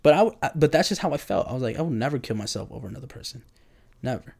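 Young man, 20s, casual storyteller; loose, profane delivery with lots of "like" and animated self-quoting. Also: mid-range voice, rapid-fire, gravelly, husky. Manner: loose and profane, heavy on fillers like "like"; animated, acts out his own reactions.

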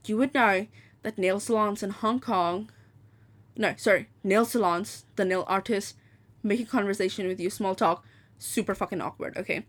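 A woman talking into her podcast mic in a loose, chatty rant. She is blunt and swears freely, and she slips into quick impressions of the people in her story. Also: mid-range voice, steady tone. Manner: blunt and profane, acting out quoted people. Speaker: podcast host.

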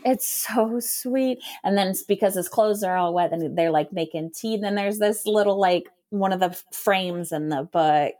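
A woman's voice: medium pitch, normal speed, hardly any pauses, darkish tone. Enthusiastic woman gushing in casual chat. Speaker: podcast co-host.

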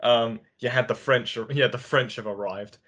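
A man's voice: medium pitch, fairly even intonation, normal speed, fairly bright tone. A man co-hosting a film review podcast, casually retelling scenes with lots of filler. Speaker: podcast co-host.

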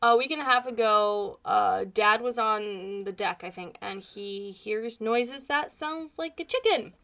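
A woman's voice: mid-range voice, measured pace, a bit bright. A woman co-hosting a podcast, telling stories in a rambling, chatty way. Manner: chatty, rambling storyteller with frequent laughs. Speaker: podcast co-host. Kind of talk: casual chat.

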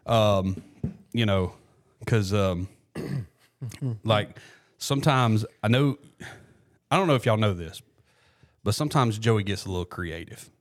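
A man's voice: expressive, unhurried, pauses often. A man co-hosting a casual podcast, joking and teasing, with cheesy segues. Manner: jokey, pitch swings a lot. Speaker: podcast co-host. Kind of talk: casual chat.

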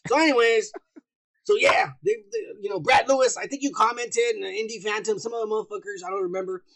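A man hosting a podcast, telling crude stories loudly in profane casual banter. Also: sits high, fast. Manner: loud, crude storytelling. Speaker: podcast host.

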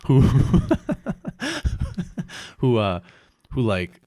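A man's voice: mid-range voice, wildly swooping pitch, drawn-out words, mellow, no room sound, studio quality. A man in his thirties chatting casually, rambling and swearing a lot as he mocks himself. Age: 30s. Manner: rambling, profane, self-mocking. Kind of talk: casual chat.

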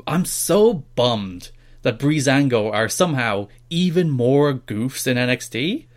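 A man co-hosts a casual podcast. His pitch swings widely as he jokes and mocks, and he often breaks into laughter. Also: takes it slowly. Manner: animated, mocking, often laughing. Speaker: podcast co-host. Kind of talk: casual chat.

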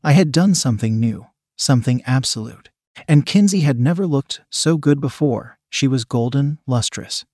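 A man narrating a first-person story in a quiet, even reading voice. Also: mid-range voice, normal speed, dry recording, studio quality.

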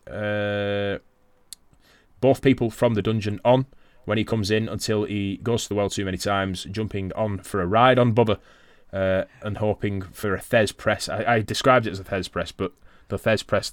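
A man's voice: on the low side, fairly even intonation, moderate pace, smooth, dry recording. A man co-hosting a podcast, casually recapping a wrestling match from his notes, swearing often. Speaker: podcast co-host.

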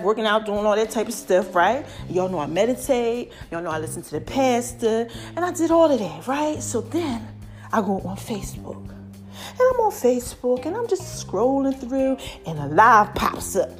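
A middle-aged woman hosting her own podcast, talking casually and animatedly with slang, laughter and shout-outs to listeners. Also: fairly high pitch. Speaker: podcast host. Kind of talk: casual solo podcast monologue.

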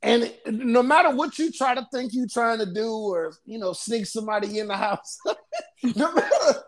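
Animated, laughing woman in casual chat. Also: a little high, normal speed. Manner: animated, laughs often, lots of "you know". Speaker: mother of a teen.

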